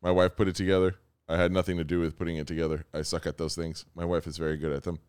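A man co-hosting a podcast in casual, joking chat, animated and quick to slip into silly voices. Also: low-pitched, smooth, dry recording, clean studio sound. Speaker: podcast co-host.

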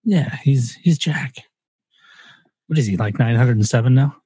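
A man with a husky, slightly rough voice hosts a casual podcast. He jokes and swears freely in loose, rambling chat. The close mic sounds dry, with no room. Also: medium pitch, mellow, dry recording. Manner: joking, swearing, quick to laugh.

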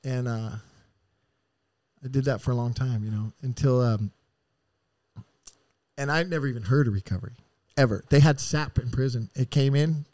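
A man's voice: medium pitch, normal speed, long pauses, a little mellow, no room sound. A man telling stories as a podcast guest in a casual, rambling way, with heavy swearing and streetwise slang. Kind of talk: casual storytelling.

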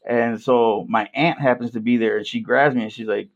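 A man's voice: on the low side, steady tone, fast, few pauses. A man from Milwaukee, a podcast guest, telling a personal story in a laid-back way, saying "bro" and "like" often. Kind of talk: casual storytelling. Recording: dull lo-fi sound.

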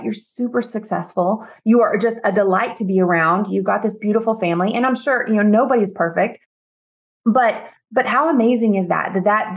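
A woman hosting a podcast, speaking in an effusive, affirming way, with plenty of filler words. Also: medium pitch. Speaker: podcast host. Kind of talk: conversational interview.

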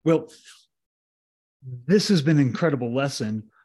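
Male podcast host, medium pitch, casual, restarts and rephrases while asking. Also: measured pace, a little mellow. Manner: conversational, rephrasing and restarting as he frames questions. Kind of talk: interviewing in a business podcast.

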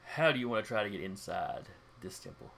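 A man's voice: fairly low pitch, expressive, a little fast, gravelly, fairly bright tone, a little hiss or hum. A man running a tabletop game as game master, describing the scene in a casual, folksy way.

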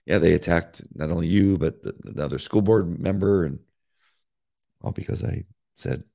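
A man co-hosting a faith podcast in casual chat, with a deep voice, animated and repeating words when excited. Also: moderate pace. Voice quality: deep, gravelly voice. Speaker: podcast co-host.

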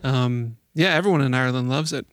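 A man's voice: medium pitch, fairly quick, dry recording, clean studio sound. A man from the Chicago area chatting casually as a podcast co-host, easygoing and laughing often, with frequent "like" and "you know". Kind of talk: casual chat.

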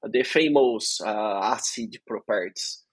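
A man's voice: lowish voice, takes it slowly, slightly rough, no echo, rough recording. A man as a guest expert in a technical interview, explaining things patiently step by step.

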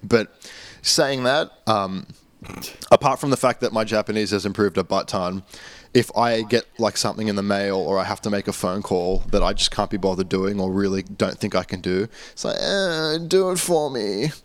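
A young man, a podcast guest telling self-deprecating stories in a relaxed chat. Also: fairly low pitch, moderate pace, no room sound. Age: young adult. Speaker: podcast guest, jazz band bassist. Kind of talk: casual chat.

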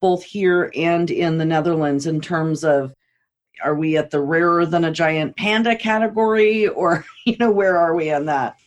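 A woman's voice: sits low, moderate pace, lo-fi sound. A woman hosting a podcast interview. She keeps affirming the guest with short "right"s and asks open questions. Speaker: podcast host. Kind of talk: interview chat.

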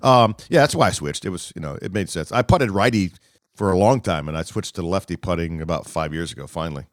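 Guest: low-pitched man from D.C., lively storyteller, dry close mic. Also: fast, no echo. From Washington, D.C., US. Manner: lively storyteller, acts out other people's lines. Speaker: guest, sports media figure. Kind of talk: animated anecdote telling.

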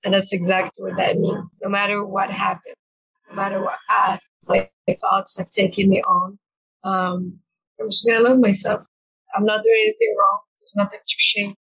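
A woman's voice: medium pitch, flat delivery, normal speed, vocal fry, fairly bright tone, husky, muffled recording. A woman coach speaking as a podcast guest, talking in a reflective, earnest way with frequent fillers and repeated words. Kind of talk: conversational interview.

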